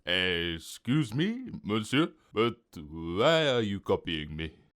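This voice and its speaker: A man voicing a smartly dressed, formal French waiter in an animated story. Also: fairly low pitch, takes it slowly, exaggerated voice. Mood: taken aback.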